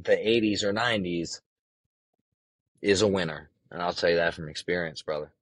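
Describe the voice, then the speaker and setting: A man's voice: low voice, moderate pace, no echo, poor audio. A young man hosting a casual solo podcast, talking in a brash, profane and rambling way. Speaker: podcast host.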